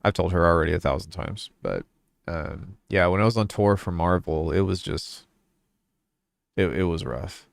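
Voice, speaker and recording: A young man from New Jersey talks loosely to his stream while he works on a track. His voice sits a little low, and the sound is dry and close. He rambles and swears offhandedly in a laid-back way. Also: lively intonation, moderate pace, vocal fry, dry recording. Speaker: music producer streaming. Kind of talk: casual livestream chat.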